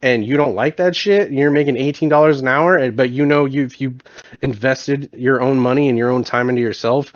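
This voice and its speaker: A man's voice: medium pitch, a little fast, no room sound. Blunt, profane man on a dull mic. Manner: blunt, profane, emphatic storytelling. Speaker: podcast guest. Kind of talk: casual chat. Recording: dull, dry lo-fi sound.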